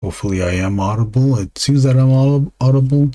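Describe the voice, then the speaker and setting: A man streaming live while drawing comics, talking low and half-whispered into a desk microphone, musing with pauses. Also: warm tone.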